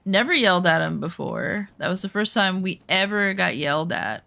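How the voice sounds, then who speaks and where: While playing a game, a female streamer casually tells a personal story, speaking candidly, swearing freely and reenacting her own side of old arguments. Her voice is lowish, gravelly and sharp, animated and at a moderate pace.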